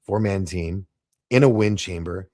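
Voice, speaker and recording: A middle-aged man, a podcast guest, telling animated anecdotes and acting out the dialogue in shifting voices. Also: deep voice, measured pace, no room sound, studio quality. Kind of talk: casual storytelling in a podcast interview.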